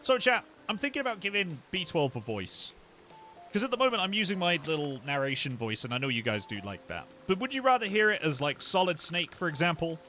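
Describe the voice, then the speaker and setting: A man's voice: on the high side, sing-song, fairly quick, bright, forceful tone, soft background music. A man live-streaming a game, chatting playfully and talking straight to his chat.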